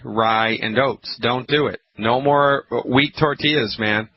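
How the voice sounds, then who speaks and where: A man hosting a call-in health radio show, lecturing emphatically and repeating his points, with a frog in his throat that makes him keep clearing it. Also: mid-range voice, a little slow, hardly any pauses, no echo. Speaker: radio talk show host. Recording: muffled radio broadcast with faint hiss.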